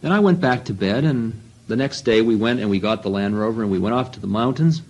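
Low-voiced man telling a self-mocking story. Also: a little fast, a little mellow, breathy edge, highs cut off. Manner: rambling, self-mocking, many asides. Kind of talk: first-person storytelling talk.

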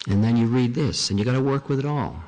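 A man, a spiritual teacher, in a relaxed, conversational talk with small fillers. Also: mid-range voice, quick pace, long reverb tail. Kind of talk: casual spiritual talk with readings.

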